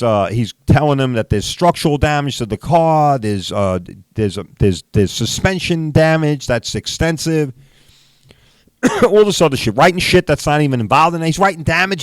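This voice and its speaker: A middle-aged body shop owner who hosts a podcast rants through a story, profane and emphatic, frequently asking "right?". His voice is on the high side, recorded with no echo.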